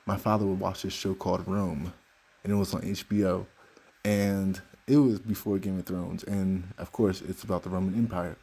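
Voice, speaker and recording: Gravelly, husky young man telling stories. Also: low voice, flat delivery, normal speed, warm tone. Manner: laid-back, joking, with laughs. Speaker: podcast host. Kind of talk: casual storytelling monologue.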